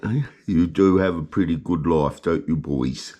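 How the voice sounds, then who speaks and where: Man talking to his pets, fond and coaxing; dark, husky voice, unhurried. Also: low-pitched, muffled recording. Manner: fond, coaxing, keeps asking "Hey?". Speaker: pet owner filming his rats. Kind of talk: casual chat to pets.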